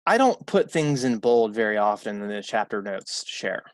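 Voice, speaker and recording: A man's voice: fairly low pitch, sing-song, normal speed, dry recording. Dry-sounding college math lecturer, man. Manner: conversational, repeats key points, corrects himself aloud. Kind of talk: recorded lecture.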